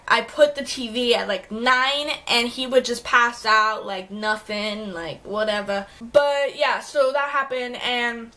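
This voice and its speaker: Bright-voiced young woman vlogger, rambling. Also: on the high side. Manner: rambling, heavy use of "like" fillers. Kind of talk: casual storytelling to camera.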